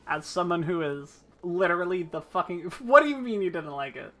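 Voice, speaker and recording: Playful woman game streamer; bright, teasing, casual swearing, faint music behind. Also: lowish voice, lively intonation, normal speed.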